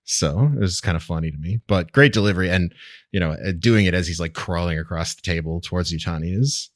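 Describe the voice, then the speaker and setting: A man's voice: low voice, fast talker, no echo, studio quality. A man co-hosting a podcast, chatting casually and with amusement about a TV episode. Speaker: podcast co-host.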